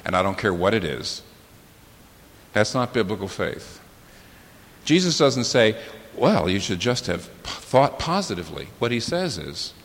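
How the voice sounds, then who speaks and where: A man preaching in a church. His low voice leaps into sudden high, loud bursts and then drops into slow, weighty lines. A long hall echo trails his words over a faint hiss. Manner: impassioned preaching with sudden rises in pitch and volume and slow, weighty pauses. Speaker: pastor. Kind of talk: sermon. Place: church sanctuary. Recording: sermon in a large reverberant hall with faint hiss.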